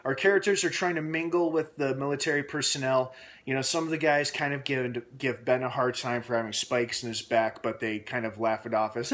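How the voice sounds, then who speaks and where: A man giving a casual, rambling spoken recap of a TV episode from home, animated and full of fillers. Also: medium pitch, brisk. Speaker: show recap reviewer.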